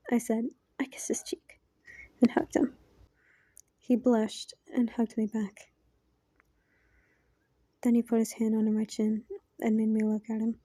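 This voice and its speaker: A woman reads a fan story aloud, quiet and soft-spoken, often slipping into a half-whisper. Her voice sits fairly high with a very dark, mellow tone. The recording is close and dry. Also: slightly rough, no echo. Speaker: fan fiction reader.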